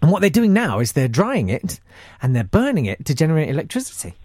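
A man's voice: fairly high pitch, huge pitch swings, fast, darkish tone, no echo, studio quality. A man hosting a casual radio chat, joking and rambling with lots of restarts. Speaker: radio host.

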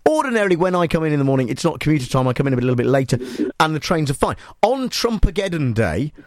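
A man's voice: fairly high pitch, very animated, fast talker, dry recording, clean studio sound. A man hosting a comic radio show, playful and rambling, often restarting his sentences. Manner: playful, rambling, self-interrupting. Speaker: radio host.

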